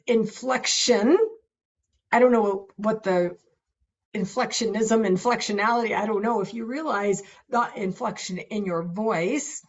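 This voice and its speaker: With frequent laughter, a middle-aged coach shares enthusiastic, earnest thoughts on confidence and the voice in a casual self-made advice recording. Her voice is a little high, and the audio has its high frequencies cut off.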